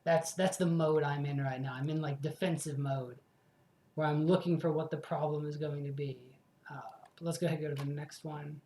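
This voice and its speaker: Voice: mid-range voice, little pitch movement, a little fast, mellow, reverberant. A let's play host in casual commentary, rambling, swearing freely and correcting themself as they go.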